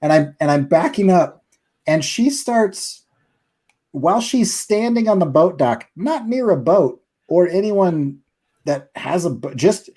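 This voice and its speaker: A man hosting a casual live stream chat, telling a funny story in an animated way and laughing between lines. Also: high-pitched, measured pace, slightly rough.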